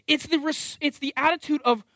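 A man's voice: very high-pitched, fairly quick, dry recording, studio quality. A middle-aged man preaching a sermon, conversational and self-deprecating, often acting out voices. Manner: animated, acts out quoted voices.

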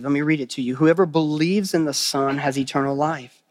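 A pastor preaching a sermon, earnest, repeating phrases for emphasis and asking the listeners questions. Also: male voice, on the high side, fairly quick, no echo, studio quality.

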